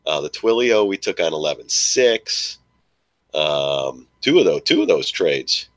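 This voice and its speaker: A man hosting a casual live stream about stock trading, rambling with repeated words and restarts, sometimes yelling in a mocking high voice. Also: animated, measured pace, no echo. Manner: mocks frustrated traders in a shrill yelling voice.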